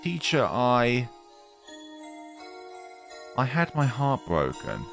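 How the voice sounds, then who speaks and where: A man's voice: medium pitch, huge pitch swings, drawn-out words, music in the background, voice pushed up, heavily acted. A man voicing a timid, heartbroken teenage schoolgirl in a raised, pleading voice. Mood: sad.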